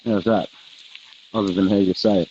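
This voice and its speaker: Laid-back deep-voiced man at a grill. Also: fairly even intonation, moderate pace, mellow, muffled recording, slight background noise. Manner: easygoing, laughs often, says "mate". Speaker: co-host of a live barbecue show. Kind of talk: casual chat while grilling.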